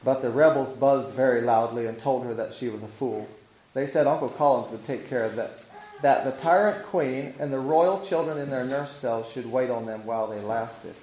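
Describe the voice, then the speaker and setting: A man reading an old-fashioned storybook aloud in a measured, steady way. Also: medium pitch. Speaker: narrator. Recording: echoey room with faint noise.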